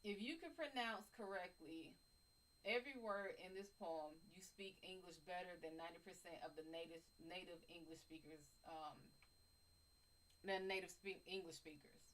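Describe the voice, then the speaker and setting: A woman hosting a casual live stream, chatting and reading a poem aloud with careful, deliberate pronunciation. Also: on the low side, a bit bright, low-quality recording.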